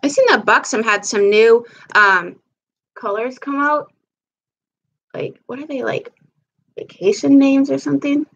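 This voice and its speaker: A woman's voice: sits high, measured pace, creaky, pauses often, a bit bright, breathy edge, muffled recording. A woman hosting a casual live makeup chat at home, talking in a meandering, chatty way while she applies her makeup. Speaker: livestream host. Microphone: camera mic on a live stream.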